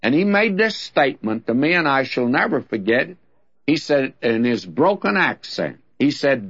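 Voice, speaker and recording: A man's voice: medium pitch, sing-song, moderate pace, fairly bright tone. A man teaching the Bible on a radio program, talking in a folksy, plainspoken and conversational way. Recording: dull lo-fi radio recording.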